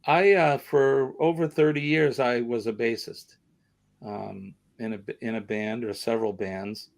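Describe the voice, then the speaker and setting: A man's voice: mid-range voice, fairly even intonation, a little slow, gravelly. A middle-aged man with a Boston accent, hosting a casual live chat in a rambling, self-deprecating way. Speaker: livestream host.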